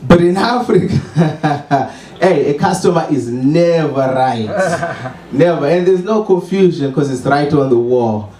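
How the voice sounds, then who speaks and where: At a small open mic, a man with a Zimbabwean accent delivers a wry, self-mocking stand-up set, sometimes chuckling at his own jokes. His voice is high-ish and dark, with lively intonation and a slightly slow pace, and the distant pickup sounds reverberant.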